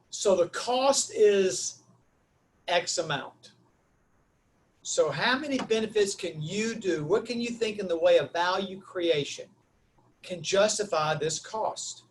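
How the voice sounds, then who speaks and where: High-voiced man. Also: a little hiss or hum. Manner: lively, acts out quoted dialogue, Southern "y'all". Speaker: webinar speaker. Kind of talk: animated storytelling talk.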